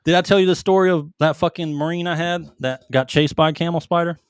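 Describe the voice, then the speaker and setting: A man's voice: fairly high pitch, fast, clean tone, no echo, studio quality. Foul-mouthed man telling war stories. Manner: swears constantly, animated storytelling. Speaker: podcast co-host, military veteran. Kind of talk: casual profane storytelling.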